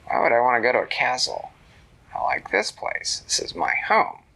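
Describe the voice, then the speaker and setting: A man voicing a big, slow, laid-back male turtle in a storybook who talks bluntly. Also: medium pitch, huge pitch swings, creaky, bright, forceful tone, heavily acted. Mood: gruff, easygoing.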